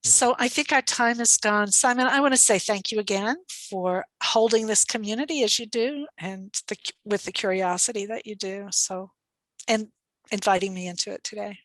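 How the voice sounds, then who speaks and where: A woman's voice: medium pitch, moderate pace, a bit bright, no echo, low-quality recording. Reflective woman consultant, dry sound. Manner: reflective, thoughtful, light laughter. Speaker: guest speaker and consultant. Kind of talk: online webinar Q&A answer.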